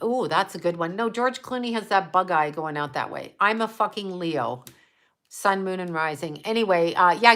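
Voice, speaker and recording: A woman's voice: mid-range voice, pushed and bright. A woman hosting a livestream, talking casually and bluntly with lots of swearing, rambling and thinking aloud while she answers viewers. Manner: blunt, profane, opinionated; trails off, talks to herself while looking things up. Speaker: livestream host answering chat.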